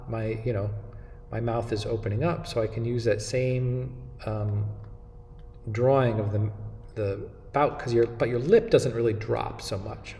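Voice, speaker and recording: A man teaching an animation software lesson, walking through each step in a relaxed way and often checking in with "okay?". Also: mid-range voice, reverberant, long reverb tail, a little hiss or hum. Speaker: animation instructor. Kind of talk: screen-recorded software tutorial.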